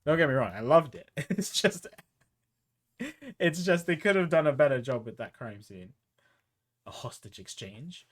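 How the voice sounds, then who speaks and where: A man's voice: a little high, expressive, normal speed. A male streamer commenting casually on a game he plays, chatty and teasing, laughing often.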